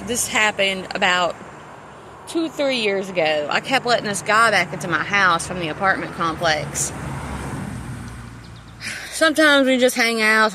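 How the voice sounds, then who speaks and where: A woman's voice: medium pitch, pushed and bright, slight background noise. A woman telling a rambling personal story to camera, swearing freely and stopping to restart her sentences. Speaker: vlogger. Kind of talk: casual storytelling.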